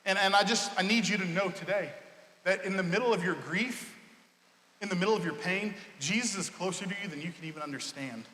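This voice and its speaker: A man's voice: sits high, fairly quick, pushed and bright. A male pastor preaching a sermon in a passionate, conversational way. He often restarts and repeats his words, and his voice echoes through the church hall. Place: church sanctuary.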